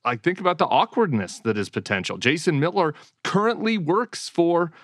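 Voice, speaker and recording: A man's voice: on the high side, moderate pace, no echo. Guy on a politics podcast, swears a lot, blunt, dry close sound. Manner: blunt, profane, animated. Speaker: podcast co-host. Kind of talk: casual political chat.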